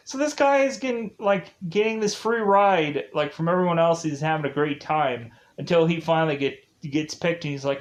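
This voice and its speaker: A man's voice: a little high, normal speed. A man casually retelling comedy sketches in a rambling spoken review, full of fillers and bursts of laughter. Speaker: show reviewer.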